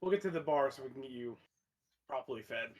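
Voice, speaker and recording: A man's voice: mid-range voice, lively intonation, fast, darkish tone. A man playing a tabletop game, hesitant and kindly. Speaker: player. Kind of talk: casual play chat.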